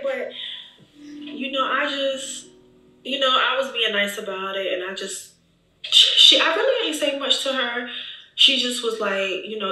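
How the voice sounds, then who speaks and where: A woman vlogger telling an emotional story in an animated, chatty way, talking straight to her viewers. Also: a little high, measured pace. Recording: echoey room, distant mic.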